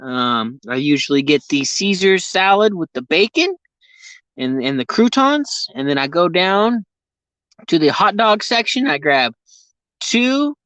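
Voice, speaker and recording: A man's voice: high voice, very animated, measured pace, bright, forceful tone, dry recording. A man vlogging casually from inside his vehicle, rambling and ranting with constant profanity. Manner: profane, heavy swearing, ranting.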